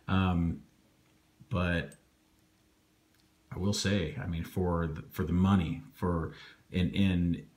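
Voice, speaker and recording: A man casually reviewing dive watches on camera, rambling along and tagging his points with "okay?". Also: low voice. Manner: relaxed, rambling, keeps adding "okay?" and "um".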